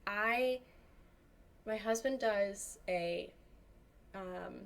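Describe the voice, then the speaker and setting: Woman guest on a chat show, lively storyteller, does little voices for people she quotes. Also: medium pitch, drawn-out words, vocal fry. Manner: animated storyteller, acts out quotes. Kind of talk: casual interview chat.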